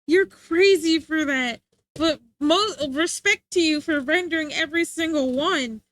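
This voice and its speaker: A young woman streaming live, chatting casually with viewers, giggly, excitable and rambling. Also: high voice, a little slow.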